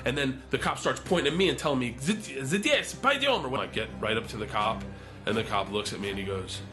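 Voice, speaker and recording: A male comedian telling an animated, profane story on stage and acting out other people's lines. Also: on the low side, quick pace, music in the background. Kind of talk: stand-up storytelling.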